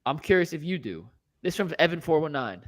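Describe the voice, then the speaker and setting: A man's voice: a little high, big pitch swings, brisk. A man co-hosting a sports talk show, telling stories in casual studio chat. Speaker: co-host.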